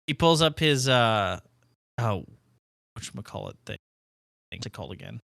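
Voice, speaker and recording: A player in a tabletop game who talks with many fillers. His pitch swings widely and his tone is bright, recorded dry. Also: lively intonation, moderate pace, vocal fry, no echo. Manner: hesitant, laughing. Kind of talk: casual play.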